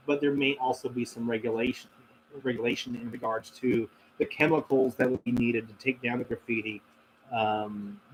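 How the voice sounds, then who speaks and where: A man with a medium-pitched voice hosts a casual livestream Q&A, answering viewer questions in a reflective, rambling way full of fillers and restarts. The audio is poor, with a little hiss or hum.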